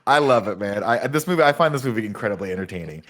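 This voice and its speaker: An enthusiastic man chats on a podcast about a film he loves. His pitch swings widely as he gets excited. He drops curse words and does quick impressions of the characters. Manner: animated, enthusiastic, profane, acts out movie lines. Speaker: podcast co-host. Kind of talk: casual movie review chat.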